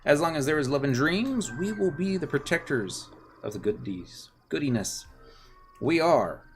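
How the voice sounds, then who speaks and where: A man's voice: a little high, lively intonation, normal speed, soft background music, pitched above the performer's own voice. A man doing a bossy kid gang leader. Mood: proclaiming.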